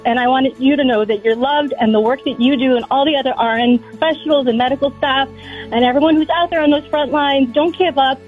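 A woman in her forties, crying as she gushes over the phone in a high, bright voice. The call sounds tinny and thin, with soft music underneath. She spills out her feelings warmly and without holding back. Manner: gushing, tearful and effusive. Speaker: radio caller. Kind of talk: emotional call-in tribute.

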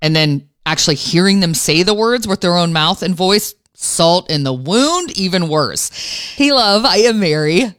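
A woman radio host telling a personal story in an animated, self-mocking way. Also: lowish voice, moderate pace, hardly any pauses.

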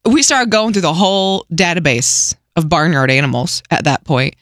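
A young adult woman hosting a radio show, telling a funny story in a casual, lively way and acting out voices. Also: fairly low pitch, moderate pace, no room sound, clean studio sound.

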